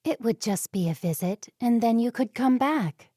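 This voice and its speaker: A woman voicing a kind young Amish woman in an audiobook, speaking softly and reassuringly. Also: on the high side, lively intonation, normal speed, slightly rough, no room sound, studio quality, voice pushed up. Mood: gentle.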